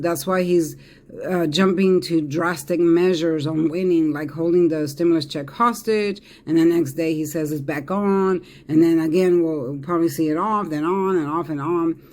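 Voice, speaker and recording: A man's voice: on the high side, darkish tone. A man giving a casual tarot reading, talking emphatically and repeating himself with fillers and restarts. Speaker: tarot reader.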